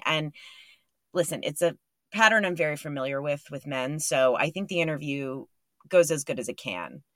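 A woman's voice: sits low, a bit bright, no echo. A young woman hosting a podcast, talking in a rambling, candid, profane and self-deprecating way. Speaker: podcast host. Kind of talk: casual monologue and interview.

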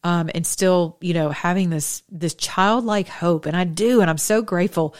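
A woman with a fairly low voice talks straight to her women listeners, half sermon and half frank chat. She urges and jokes in plain, candid words, recorded dry and close with no room sound. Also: moderate pace, no echo. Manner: exhorting, candid and chatty, with frank asides. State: widowed, speaking as a single woman. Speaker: host of a faith talk show. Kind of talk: preachy monologue to women listeners.

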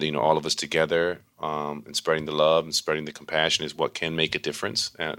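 A man from Baltimore, a yoga and mindfulness teacher, telling stories in a chatty, animated way full of "you know.". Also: sits low. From Baltimore, USA. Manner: animated, acts out quoted voices; frequent fillers like "you know". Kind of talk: conversational storytelling.

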